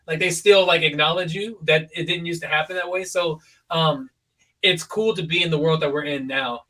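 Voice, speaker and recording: A young man hosting a podcast, talking in a relaxed, rambling way full of fillers. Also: fairly high pitch. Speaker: podcast host. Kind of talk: casual podcast chat. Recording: voice a little far from the mic.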